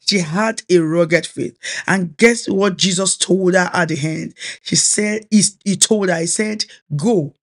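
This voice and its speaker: A woman's voice: on the low side, a little slow. A woman with a Nigerian accent, Yoruba by first language, preaching a sermon as a minister in an earnest, exhorting way, repeating her key phrases.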